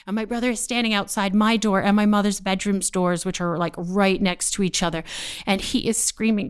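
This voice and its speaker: A woman from Canada doing stand-up, telling a story in an animated, profane way and laughing as she goes. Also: mid-range voice, fairly quick, clean tone. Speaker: stand-up comedian.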